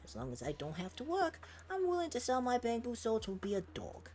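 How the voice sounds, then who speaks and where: A small robot helper from a video game gripes about its job in a whiny, louder-than-usual voice, as a woman puts it on while reading along. The pitch jumps around with animated swings. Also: fairly quick, soft background music. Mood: grumbling. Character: small overworked robot helper, grumbling and lazy.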